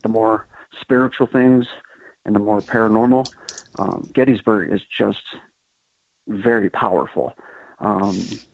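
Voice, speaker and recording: A man's voice: fairly low pitch, unhurried, pauses often, no echo, highs cut off. A man from the American Midwest, a paranormal investigator, chatting casually in an interview with many ums and restarts.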